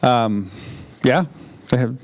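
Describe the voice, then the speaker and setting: A man's voice: mid-range voice, takes it slowly. A man leading a teaching workshop, chatty and jokey, drawing answers out of the audience in a large room. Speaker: workshop presenter.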